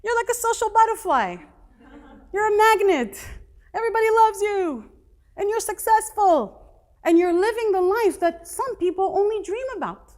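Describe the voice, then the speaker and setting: A woman's voice: very high voice, animated, normal speed, darkish tone, voice pushed up. A woman voicing an insistent female friend who heaps praise on her, effusive and pleading. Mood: gushing.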